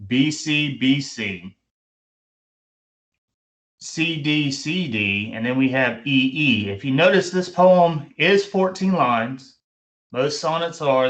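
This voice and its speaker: A man's voice: medium pitch, a bit bright. A middle-aged man teaching a recorded online lecture, informal, repeating his points with frequent ums and restarts. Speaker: instructor.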